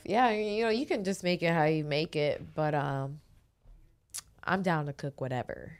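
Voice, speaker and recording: A young woman, a boxing champion, chatting as a podcast guest, swinging from animated stories to confident boasting. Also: sits low, normal speed, clean tone. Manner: animated storytelling, confident trash talk. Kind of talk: casual interview chat.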